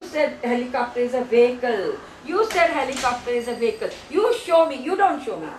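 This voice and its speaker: Woman speech teacher: high, animated delivery, slow syllable drilling, distant mic in a reverberant room. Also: a little hiss or hum. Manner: firm, insistent, repeats syllables slowly. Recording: echoey room, mic far off.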